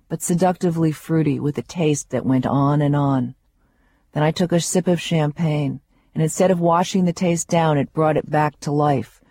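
A woman's voice: deep voice, mellow. A woman author reading her memoir aloud, with wry, vivid storytelling.

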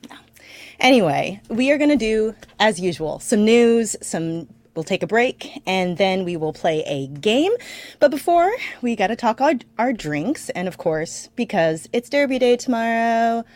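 A woman's voice: mid-range voice, sing-song, a little slow, a little mellow, no echo. A woman co-hosting a podcast in easygoing, giggly, casual talk. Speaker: podcast co-host. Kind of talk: casual chat.

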